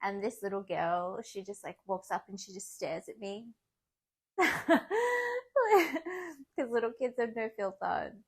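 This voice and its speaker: A young woman, chatting casually in a vlog, animated and often laughing as she acts out what others said. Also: mid-range voice, a little slow, pauses often. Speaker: vlogger.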